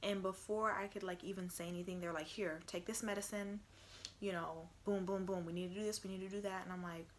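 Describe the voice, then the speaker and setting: A woman's voice: medium pitch, fairly even intonation, fairly quick, a little hiss or hum. Chatty young woman telling her story. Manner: chatty, heavy use of "like", acts out quotes. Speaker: vlogger. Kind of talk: casual storytelling vlog.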